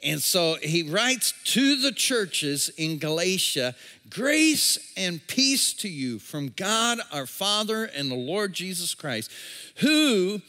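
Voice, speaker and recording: A man's voice: high-pitched, big pitch swings, slow pace, pushed and bright. A man, the church's pastor, preaching a sermon and reading scripture aloud with casual asides to the congregation. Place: large room, a movie theater used as a church. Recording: long hall reverb.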